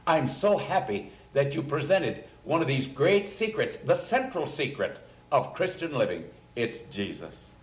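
Earnest storytelling pastor, roomy sound. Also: male voice, fairly high pitch, very animated, a little slow. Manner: earnest anecdotal storytelling, quotes people in a raised voice. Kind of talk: storytelling sermon talk. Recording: roomy echoing recording.

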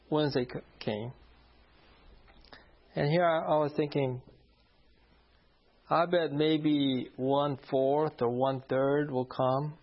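A man preaching, telling a personal story from the pulpit, often laughing and acting out the voices of the people in it. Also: medium pitch. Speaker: pastor. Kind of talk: sermon storytelling. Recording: dull lo-fi sound.

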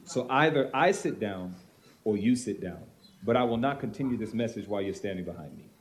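A man, a pastor, telling a personal ministry story at a panel Q and A, animated and acting out the voices of the people he quotes. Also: fairly low pitch, brisk, a little hiss or hum.

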